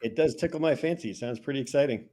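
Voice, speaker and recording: A man's voice: mid-range voice, fast talker, mellow. Laid-back, laughing male co-host. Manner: laid-back, laughs often, short replies. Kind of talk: casual live-stream chat.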